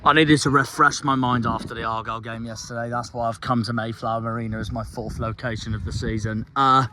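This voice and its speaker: Male football fan vlogger, bright edgy tone, fed-up swearing rant, recorded outdoors by a marina. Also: mid-range voice. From South West England. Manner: angry, despondent ranting with swearing.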